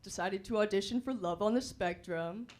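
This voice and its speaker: A woman doing a stand-up set on a comedy club stage, telling her stories in a slow, deadpan way. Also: medium pitch, noisy background.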